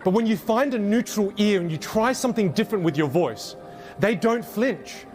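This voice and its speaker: A man giving a motivational workshop talk to a live audience, animated and emphatic, taking questions from the crowd. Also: sits high, brisk. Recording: speech over loud background music.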